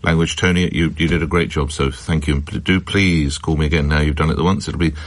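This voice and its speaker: Deep, fast-talking radio host. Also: male voice, fairly even intonation, no room sound. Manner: reassuring, brisk. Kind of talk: phone-in radio presenting. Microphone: studio mic.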